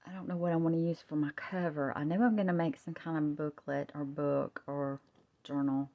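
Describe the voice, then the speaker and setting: Woman, low voice, gushing and half-whispering close to the camera at home. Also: fairly even intonation, moderate pace, muffled recording. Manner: gushing, often softly whispering. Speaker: craft vlogger. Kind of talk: show-and-tell craft vlog. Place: home, husband in another room. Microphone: camera held close up.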